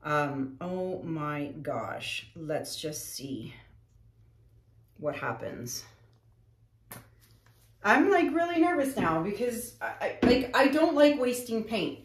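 A woman's voice: lowish voice, animated, slow pace, pauses often. A woman artist talking casually to her viewers while she paints. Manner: chatty, addresses viewers directly. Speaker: acrylic pour artist. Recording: echoey room.

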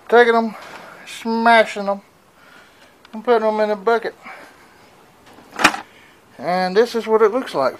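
A man's voice: high-pitched, background noise. A man talking casually to viewers on a phone camera outdoors in his yard, folksy and rambling, a bit out of breath. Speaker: vlogger. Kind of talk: casual vlog narration.

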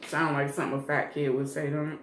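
A woman's voice: low-pitched, little pitch movement, quick pace. A middle-aged woman in a casual eating vlog, chatting to viewers while she eats. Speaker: food vlogger. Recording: echoey room with faint background noise.

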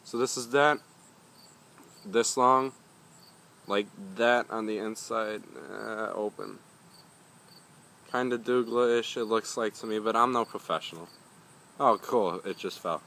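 Young male vlogger, low and bright, rambling and foul-mouthed, faint crickets outdoors. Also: measured pace, gravelly, long pauses, slight background noise. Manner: rambling, swears often, grumbling. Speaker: pepper reviewer. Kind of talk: casual vlog talk.

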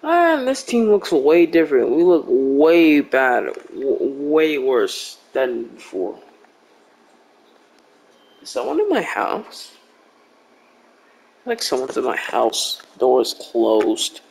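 A man's voice: medium pitch, big pitch swings, takes it slowly, gravelly, hardly any pauses, a little mellow, slightly rough. A young man giving casual, rambling gameplay commentary with joking, blunt trash talk. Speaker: gaming video creator.

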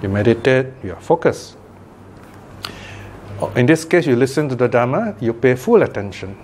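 An older man teaching a Buddhist class in a relaxed, conversational way, often checking in with listeners by asking "okay?" and "right?" and chuckling now and then. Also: mid-range voice, moderate pace, slight background noise. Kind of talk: informal Dhamma class talk.

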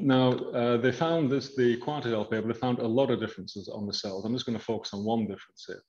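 A man lecturing on research, walking the audience through slides in a measured, hedging way. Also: fairly low pitch, darkish tone, lo-fi sound. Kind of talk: academic lecture.

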